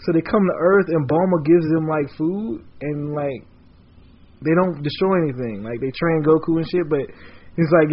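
Excitable husky man, slightly high voice. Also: moderate pace, dull audio. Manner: excitable, rambling, heavy use of "like". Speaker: podcast guest, comic artist. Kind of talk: casual chat.

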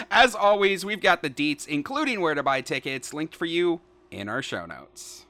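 A woman's voice: low-pitched, big pitch swings, measured pace, fairly bright tone, no room sound. A woman co-hosting a casual podcast, joking and reading out news segments. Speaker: podcast co-host.

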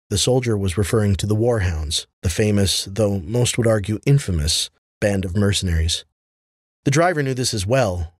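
Male audiobook narrator, low husky voice, measured fantasy reading, dry close recording. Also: no echo.

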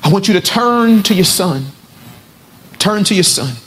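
A man's voice: high voice, lively intonation, a little slow, long pauses, a bit bright. A man preaching a sermon to a men's gathering, telling a story and then building to fervent exhortation.

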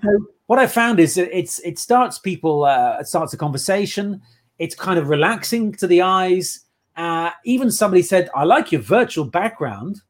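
A man's voice: sits high, lively intonation, normal speed. A man on a casual interview, telling playful anecdotes about his work as an improv performer. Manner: chatty anecdotal storyteller, playful.

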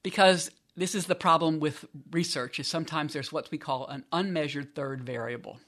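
A woman's voice: deep voice, normal speed, fairly bright tone. A woman professor as an interview guest, explaining research conversationally and often restarting her sentences. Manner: explanatory, self-correcting restarts. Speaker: business school professor, guest.

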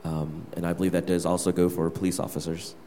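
A man's voice: low voice, level tone, fast, warm tone, soft background music. A young man, a worship leader, candidly telling a personal story to his church gathering. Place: church hall. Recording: reverberant hall.

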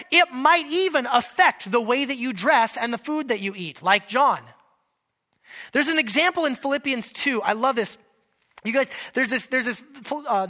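With a high, bright and forceful voice, a male pastor preaches animatedly. He speaks conversationally, poses direct questions to the audience and adds joking side remarks.

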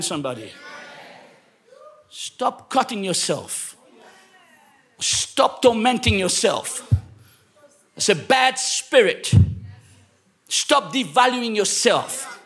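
A man from England preaching a sermon to a congregation, telling a story and then shouting exhortations. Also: very high-pitched. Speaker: pastor. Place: church.

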